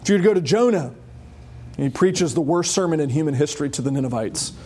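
Man, pastor, high-pitched voice, emphatic sermon, dry wry asides. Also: expressive, a little fast, mellow, breathy edge. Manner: emphatic, rising to high urgent pitch on key points. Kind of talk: expository sermon.

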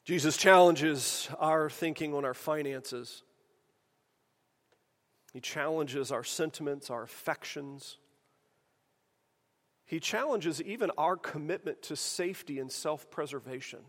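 A man's voice: a little high, unhurried, pauses often, fairly bright tone. A man preaching a sermon in a conversational way, asking the room rhetorical questions. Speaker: pastor. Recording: long hall reverb.

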